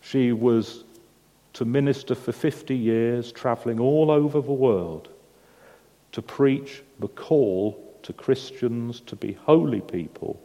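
A man's voice: on the low side, mellow. A man preaching a sermon to a congregation, telling stories and asking the listeners questions. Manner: storytelling, asks the congregation questions. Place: church hall with a congregation. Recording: long hall reverb.

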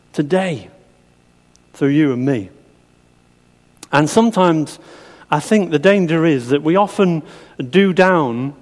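A middle-aged man delivers a sermon in a chatty way, frequently asking the congregation questions. His slightly high voice has a darkish tone, carried by a long hall reverb.

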